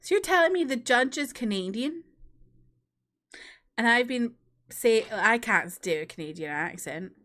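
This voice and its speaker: A woman streamer commenting on her playthrough with amused, chatty asides. Her voice sits a touch high and sounds bright and crisp. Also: expressive, measured pace, pauses often. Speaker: gaming streamer.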